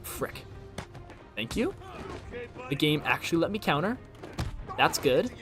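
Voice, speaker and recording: A man's voice: fairly high pitch, big pitch swings, unhurried, music in the background. A young man streaming a video game, rambling casually and trying out voice impressions between moves. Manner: chatty, jumps between topics, tries voice impressions.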